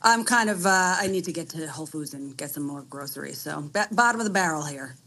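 A woman's voice: low voice, lively intonation, quick pace, pushed and bright. A woman calling in to a live show, chatty and easygoing in casual conversation. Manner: chatty, easygoing, laughs often. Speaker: caller, friend of the show. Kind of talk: casual chat.

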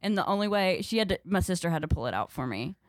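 A woman comedian from North Carolina, telling a story in casual chat, animated, laughing often and acting out quotes. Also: fairly low pitch, quick pace, dry recording, clean studio sound. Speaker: comedian guest.

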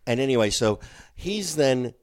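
A middle-aged man hosts a podcast in relaxed, casual conversation. He rambles through a story with lots of restarts and quick asides, his voice sitting at an ordinary middle pitch. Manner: animated, rambling with many restarts. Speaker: podcast host.

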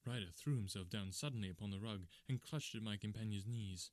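A man narrating an audiobook in a steady, measured reading. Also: lowish voice, dry recording.

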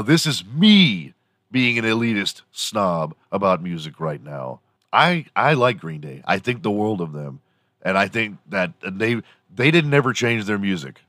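Low-voiced profane morning show host. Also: male voice, a bit bright, no echo, studio quality. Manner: profane, rambling, loose. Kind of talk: casual solo rant.

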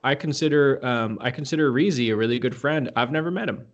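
A man guesting on a podcast, chatting in a relaxed, easygoing way with lots of "like". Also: mid-range voice, fast talker, lo-fi sound. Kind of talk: casual conversation.

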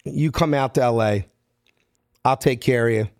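A man impersonating a gruff, easygoing older male actor who talks in a low, calm, reassuring way. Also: moderate pace, no echo, studio quality, lightly acted. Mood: warm.

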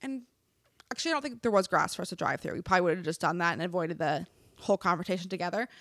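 Animated young woman, dry close mic. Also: lowish voice, rapid-fire, dry recording. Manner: animated, filler-heavy with constant "like", swears freely. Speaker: podcast co-host. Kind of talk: casual chat, telling a story.

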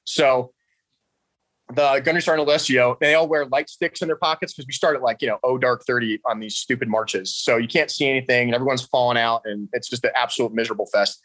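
A young man, telling a story with laughs and shouted quotes of his drill instructors. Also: mid-range voice, steady tone, quick pace, no echo, poor audio. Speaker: interview guest. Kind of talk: casual storytelling.

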